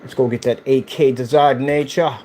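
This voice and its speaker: A man's voice: mid-range voice, steady tone, moderate pace, dark tone, a little hiss or hum. A man who owns a screen paint company, ranting casually on a livestream and firing off rhetorical questions.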